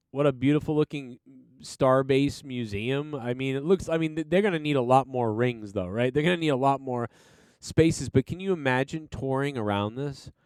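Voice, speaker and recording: Excited man rambling in a dry booth. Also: mid-range voice, clean tone, no echo. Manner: enthusiastic, rambling, swears casually. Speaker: podcast host reviewing a TV episode. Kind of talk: casual solo review chat.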